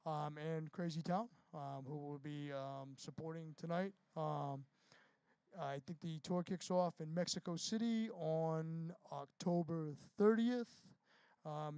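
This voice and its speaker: High-voiced profane rambling rocker. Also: male voice, vocal fry, a little mellow, clean tone, no room sound. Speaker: touring band frontman, guest. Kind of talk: casual interview talk.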